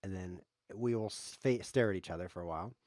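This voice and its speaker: Low-voiced joking chess streamer man. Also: fast, no echo, studio quality. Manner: jokey, rambling deadpan asides. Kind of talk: playful live commentary while playing.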